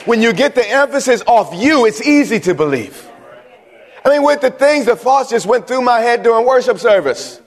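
With a very high, animated voice at a moderate pace, a man preaches from the pulpit. He is emphatic, repeats himself and poses questions to the people in the pews. The sanctuary gives the recording a long reverb.

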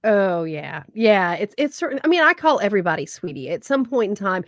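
A woman co-hosting a podcast in casual chat, animated and chatty, often laughing. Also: mid-range voice, brisk, no room sound, clean studio sound. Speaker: podcast co-host.

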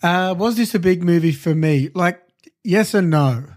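A man with a slightly raised voice shares memories and dry quips on a casual film podcast. He speaks in a relaxed, reflective way, musing aloud as he goes. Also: high voice, measured pace. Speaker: podcast co-host. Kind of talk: casual film-review chat.

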